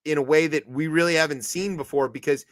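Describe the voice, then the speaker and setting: A somewhat high-voiced man co-hosts a comedic news show. He talks loosely and animatedly, slipping into mocking quoted voices. The recording is dry and close, with no room sound. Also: steady tone, a little fast, dry recording. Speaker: co-host. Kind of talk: casual comedic news chat.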